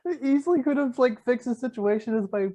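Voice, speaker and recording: A co-host chatting casually and dropping dry, quick quips. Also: mid-range voice, warm tone. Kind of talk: casual chat.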